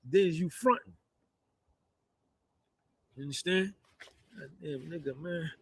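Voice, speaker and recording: A man's voice: a little high, slow pace, a little hiss or hum. Swaggering New Jersey man in his fifties. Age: 50s. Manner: swaggering, rambling, peppered with "you understand" and "man". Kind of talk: boastful monologue.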